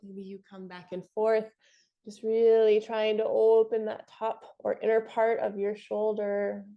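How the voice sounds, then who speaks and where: A young adult woman teaching a yoga class, giving calm, encouraging cues with the odd soft laugh. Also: medium pitch, a little slow, muffled recording. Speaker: yoga instructor. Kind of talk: guided yoga class instruction.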